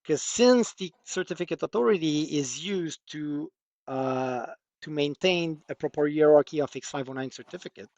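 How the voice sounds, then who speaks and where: A man's voice: fairly high pitch, normal speed, darkish tone, no echo. A man with a French accent presenting a technical workshop walkthrough, explaining with many hesitant fillers.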